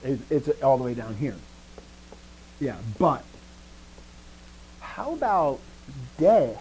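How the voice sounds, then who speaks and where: A man teaching a live grammar lesson, explaining step by step, often answering students with quick affirmations and dry joking asides. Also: mid-range voice, sing-song, darkish tone, slightly rough, rough recording. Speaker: language teacher.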